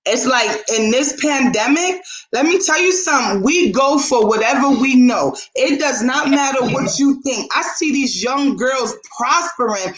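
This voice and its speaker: A woman's voice: sits high, unhurried, echoey room, rough recording. A woman co-hosting a casual talk show, telling a story animatedly and acting out the dialogue. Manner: animated, acts out quoted dialogue.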